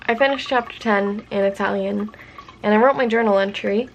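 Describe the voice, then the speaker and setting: A woman's voice: medium pitch, normal speed, slight background noise. A young woman talking about her language studies in a casual, candid and self-reflective vlog chat. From United States. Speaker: language-learning vlogger.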